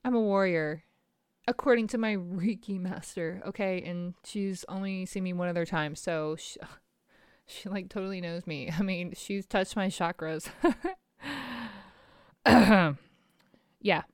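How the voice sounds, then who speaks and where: A woman's voice: lowish voice, steady tone, a little slow, smooth, no echo, studio quality. Rambling, emotional woman talking to camera. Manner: rambling, emotional and self-deprecating, with frequent fillers and laughs. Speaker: small business owner. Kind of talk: candid personal vlog monologue.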